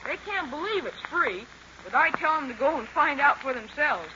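A man's voice: very high voice, big pitch swings, moderate pace, noisy background. A performer playing an eager young boy reading his fan letter on a 1930s radio show. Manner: eager, enthusiastic. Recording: muffled old radio recording.

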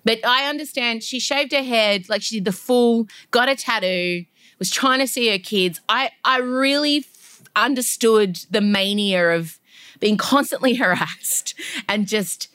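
A woman's voice: on the high side, measured pace, sharp tone, no echo, studio quality. A woman co-hosting a podcast, chatting and gossiping about celebrities with frequent laughs. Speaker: podcast co-host. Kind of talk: casual chat.

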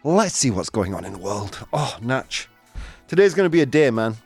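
A male radio host doing live banter, energetic and chatty, laughing often and a bit out of breath. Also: medium pitch, moderate pace, husky, faint music behind. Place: radio studio.

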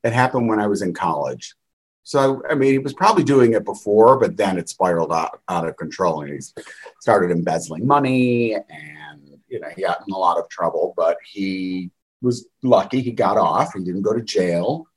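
A man's voice: deep voice, animated, moderate pace, breathy edge, rough recording. A middle-aged man telling candid stories in a rambling way, with wry laughs. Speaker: guest. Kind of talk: candid conversational storytelling.

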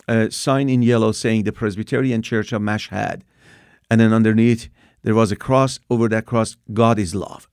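Gravelly man in his sixties. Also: mid-range voice, no room sound, clean studio sound. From Iran. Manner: animated retelling with acted-out quotes. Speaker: guest telling his testimony. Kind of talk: personal storytelling.

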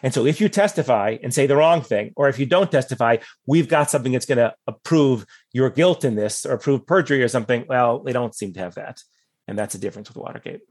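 A man giving conversational political analysis as a guest, thoughtful and measured, hedging his points with asides. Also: mid-range voice, animated, a little mellow.

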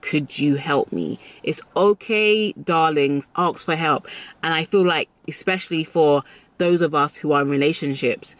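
A woman's voice: sits low, normal speed, no room sound. A woman vlogger giving advice in a casual, chatty, emphatic way, often repeating her key phrases. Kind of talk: casual advice talk to camera.

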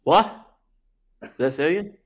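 A man's voice: fairly high pitch, expressive, unhurried. Playful teasing male co-host. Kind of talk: casual sports chat.

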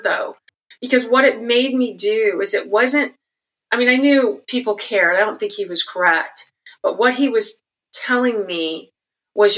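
A middle-aged woman telling her life story candidly and reflectively, growing animated when she quotes others. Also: mid-range voice, moderate pace, low-quality recording. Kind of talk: personal storytelling interview.

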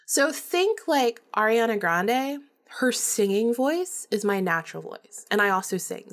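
A young woman with a breathy voice hosts her podcast and tells a story. She is chatty and loose, laughs often and swears casually. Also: fairly low pitch, a bit bright. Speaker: podcast host.

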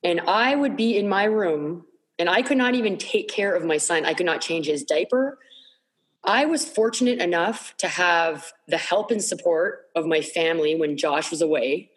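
A woman's voice: fairly low pitch, moderate pace. Woman, 30s, podcast guest, earnest and emotional storyteller. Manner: emotional, earnest, repeats herself when searching for words. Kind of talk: candid personal storytelling.

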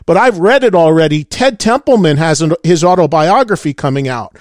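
A man's voice: a little high, animated, fairly quick, no echo, clean studio sound. A man hosting a radio interview, talking as an enthusiastic fan and telling stories with animation. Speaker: radio host. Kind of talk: casual interview chat.

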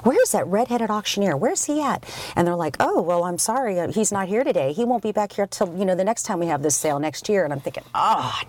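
A woman in her sixties, a fast talker, telling a lively story as an interview guest. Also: fairly low pitch. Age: 60s. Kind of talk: casual interview chat.

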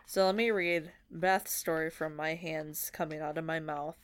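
A woman's voice: low voice, fairly even intonation, moderate pace. A woman co-hosting a podcast, reading a friend's handwritten story and stumbling over words. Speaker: podcast co-host.

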